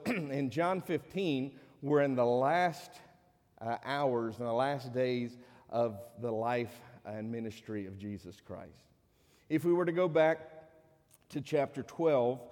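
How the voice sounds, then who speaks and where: A man preaching a conversational sermon as a pastor, raising his pitch when he acts out the people he quotes. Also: a little mellow. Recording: long hall reverb.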